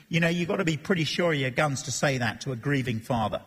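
A man preaching an expository sermon, animated, acting out voices and joking between readings. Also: medium pitch, fast talker, hardly any pauses, husky. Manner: animated, acts out Bible voices and jokes. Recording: long reverb of a church hall.

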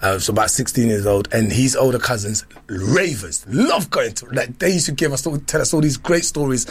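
A man's voice: medium pitch, normal speed, slightly rough. A man, telling playful stories in casual chat with many restarts. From London. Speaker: guest. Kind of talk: casual storytelling.

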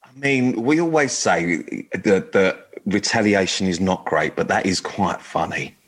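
Low-voiced, jokey radio host man. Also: measured pace, breathy edge. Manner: jokey, rambling, full of fillers and restarts. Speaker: radio dating show host. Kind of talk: casual banter on a radio podcast.

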